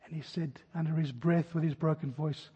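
A man preaching a sermon as pastor, telling stories and dropping his voice to a hush at key points. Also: on the high side, fairly even intonation, moderate pace, breathy edge. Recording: dull sound with long hall reverb.

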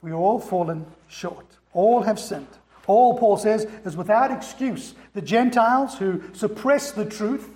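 A man's voice: high-pitched, darkish tone, reverberant. A man preaching a sermon as pastor, driving points home with rhetorical questions and repetition. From America.

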